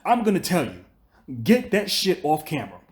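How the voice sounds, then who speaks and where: Guy with a kinda high voice doing a cussing, scolding rant, keeps repeating himself. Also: wildly swooping pitch, normal speed. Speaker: commentary channel host. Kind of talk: ranting commentary monologue.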